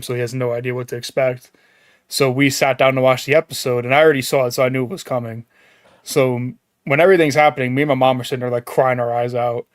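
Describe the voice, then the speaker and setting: A man's voice: mid-range voice, no echo, clean studio sound. A man co-hosting a casual podcast, telling stories animatedly and laughing often. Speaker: podcast co-host. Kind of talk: casual chat.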